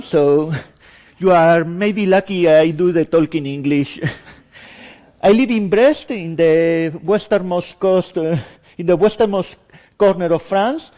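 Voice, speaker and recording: A man's voice: high voice, darkish tone. A man with a Spanish accent giving an improvised, chatty, self-deprecating introduction to a lab at a conference. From Spain. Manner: self-deprecating, chatty, laughs between lines. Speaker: conference speaker. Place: conference room with audience.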